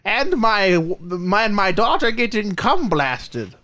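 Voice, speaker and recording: A man's voice: high-pitched, very animated, slow, bright, forceful tone, pitched above the performer's own voice, full character voice. A man voicing a crude, oversharing grandmother who gives advice on a comedy bit. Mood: crude bragging.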